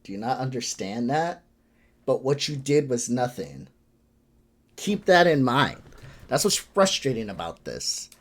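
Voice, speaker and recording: Frustrated man ranting with lively pitch. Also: a little slow, long pauses. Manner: frustrated, profane, lecturing. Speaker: reaction video host. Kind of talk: ranting commentary.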